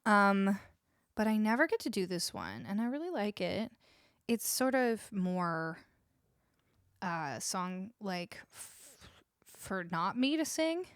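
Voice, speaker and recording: A woman's voice: mid-range voice, very animated, takes it slowly, clear, resonant tone, dry recording. A Canadian woman, a musician, chatting casually with viewers on her home livestream between songs and cooing at her dog, close to a studio mic. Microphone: studio vocal mic close up.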